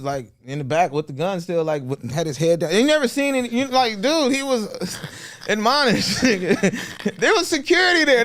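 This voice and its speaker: A man telling a story as a guest comedian in a casual podcast chat, animated and full of slang. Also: very high voice.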